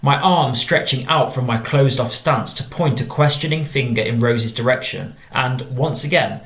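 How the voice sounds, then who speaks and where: A drama teacher with an English accent calmly reads aloud model exam answers and talks through them. The recording is echoey, and his medium-pitched voice has a fairly bright tone.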